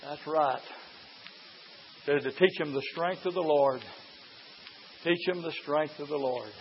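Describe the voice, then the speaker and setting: A preacher man in full revival flow, folksy and loud, breaking into hollers and catching his breath between lines. His voice sits a touch high for a man. The recording is dull and lo-fi with a faint hiss. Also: unhurried, long pauses. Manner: shouts and hollers in bursts, folksy, runs laps while preaching. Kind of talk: fiery Southern revival sermon.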